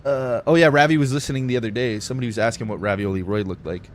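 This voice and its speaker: A man's voice: medium pitch, rapid-fire, slight background noise. A young man casually chatting while he streams a game, rambling and laid-back, full of "like" and "dude". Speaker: gaming streamer. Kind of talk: casual chat while playing.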